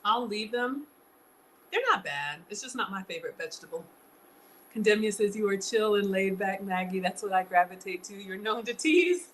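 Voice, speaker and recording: Livestreaming from her home kitchen, a young adult to middle-aged woman cooks while chatting casually with viewers, calling them y'all and reading donations aloud. Her voice is medium-pitched at a moderate pace, with background noise.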